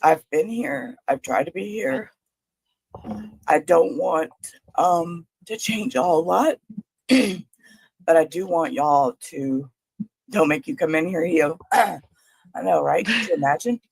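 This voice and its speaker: A motherly woman co-hosting a livestream, chatty and emotional, her throat catching so she keeps clearing it. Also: on the low side, lively intonation, slow, long pauses, dry recording, rough recording. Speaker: livestream co-host. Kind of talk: casual livestream chat.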